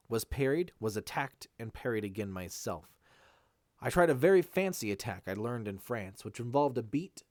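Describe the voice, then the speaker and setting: A man's voice: mid-range voice, dry recording, studio quality. A man reading a fantasy novel aloud in first person, with occasional slips and retakes. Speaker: amateur audiobook reader.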